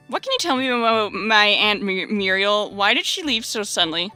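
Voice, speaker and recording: A woman's voice: mid-range voice, lively intonation, moderate pace, hardly any pauses, bright, forceful tone, no room sound, faint music behind. A woman streamer reading a game aloud in casual chat, giggly and self-deprecating.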